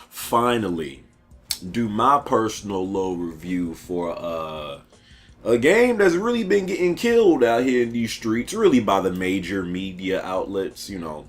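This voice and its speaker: Man, deep voice, casual game review, animated and chatty, faint music behind. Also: unhurried. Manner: animated, chatty, laughs often, many fillers and restarts.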